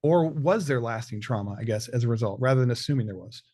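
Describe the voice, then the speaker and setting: A man's voice: mid-range voice, lively intonation, quick pace, warm tone. A man interviewing a guest in a casual chat, supportive, often repeating words as he starts a thought.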